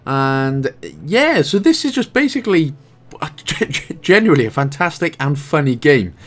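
A Welsh man talks through a video game guide in a relaxed, joking way. His voice sits a little high for a man and swings up and down a lot as he chats. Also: measured pace. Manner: chatty, jokey, self-mocking asides. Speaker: gaming guide host. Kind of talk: game walkthrough commentary.

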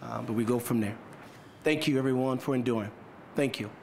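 A man's voice: mid-range voice, a little fast, vocal fry, darkish tone, slight background noise. A man chairing a council meeting, firmly and patiently repeating himself to restore order. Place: council chamber.

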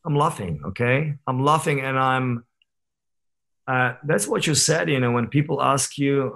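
A man's voice: mid-range voice, measured pace, gravelly, fairly bright tone. A man over thirty, a guest on a podcast, telling stories in a candid, reflective way with many fillers and restarts. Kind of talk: casual conversational interview.

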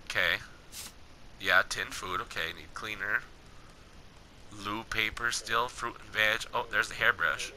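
A young man giving casual, excitable gameplay commentary, talking at the game characters in slangy speech. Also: lowish voice, unhurried, over music, rough recording. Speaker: gaming channel host.

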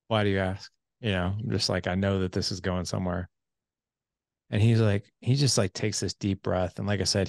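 Gravelly-voiced man telling a story. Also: on the low side, no room sound, studio quality. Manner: animated storyteller who acts out quoted dialogue. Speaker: podcast host. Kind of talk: casual storytelling conversation.

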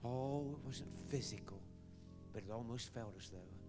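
A middle-aged male pastor preaching a sermon, telling a story softly and dropping into hushed whispers. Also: mid-range voice, normal speed, long reverb tail. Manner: soft, intimate storytelling that drops to hushed whispers. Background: music.

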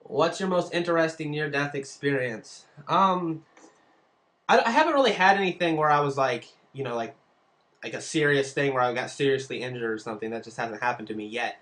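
Profane, animated male vlogger. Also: medium pitch, fairly quick. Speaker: vlogger answering fan questions. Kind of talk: casual storytelling.

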